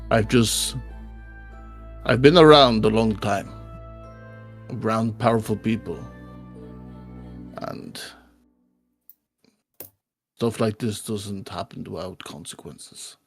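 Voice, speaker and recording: A man voicing a solemn, protective bodyguard in a tabletop game, speaking quietly. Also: fairly low pitch, takes it slowly, pauses often, husky, faint music behind, exaggerated voice. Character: loyal, grave male bodyguard knight.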